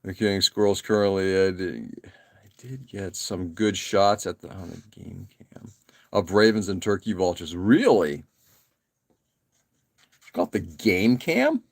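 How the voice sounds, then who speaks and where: A man's voice: sits low, unhurried, creaky, long pauses. Laid-back man chatting while building models. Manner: relaxed, rambling, frequent uh fillers and self-deprecating asides. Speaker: live stream host building model kits. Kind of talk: casual chat while working.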